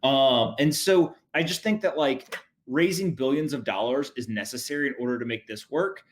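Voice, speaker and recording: A man's voice: medium pitch, normal speed. A man hosting a podcast, bantering and joking energetically in casual chat and reading a sponsor spot. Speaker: podcast host.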